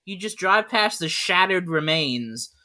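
A man's voice: sits high, animated, unhurried, pushed and bright. A man co-hosting a podcast, telling loose, rambling anecdotes packed with "like" in a casual chat. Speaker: podcast co-host.

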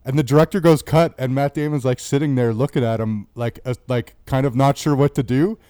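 Man telling an anecdote, mellow dry voice. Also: mid-range voice, steady tone, fairly quick, clear, resonant tone, dry recording. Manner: storytelling, swears casually. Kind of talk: casual movie discussion.

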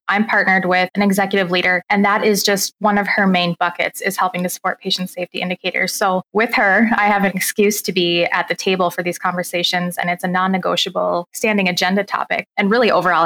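A woman nurse reviewer giving quick, fluent professional answers in an interview. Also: mid-range voice, bright, forceful tone, low-quality recording. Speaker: nurse reviewer for patient safety indicators.

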